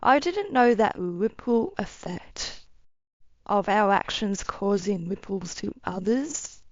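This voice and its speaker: A woman giving an earnest, emotional personal testimony, her phrases often trailing off softly. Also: medium pitch, lively intonation, slow pace, no room sound, muffled recording. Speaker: near-death experience storyteller.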